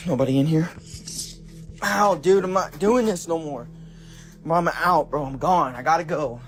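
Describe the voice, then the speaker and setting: A man's voice: fairly high pitch, moderate pace, faint music behind. A frightened young man, a night shift store clerk, filming himself on his phone inside a small shop, swearing and calling everyone bro. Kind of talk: self-filmed phone video. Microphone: handheld phone.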